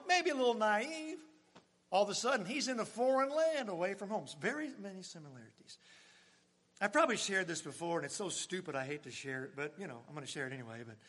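Older male preacher with dramatic swings. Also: high-pitched. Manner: dramatic swings from loud exclamations to hushed near-whispers; jokey asides with chuckles to the congregation. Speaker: pastor. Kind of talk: sermon. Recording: long hall reverb.

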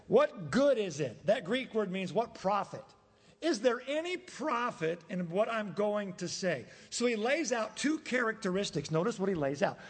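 A man's voice: high-pitched, husky, in a large hall. A man preaching a sermon as pastor, emphatic, asking the congregation rhetorical questions. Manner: emphatic, rhetorical questions, acts out quoted voices. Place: church sanctuary.

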